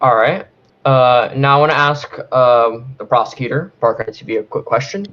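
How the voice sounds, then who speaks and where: A man's voice: mid-range voice, moderate pace, fairly bright tone. A man defending himself in a mock trial with friends, hesitant and full of "um" and "uh" while reaching for formal phrasing. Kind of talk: casual mock-courtroom defense. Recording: slightly dull lo-fi mic.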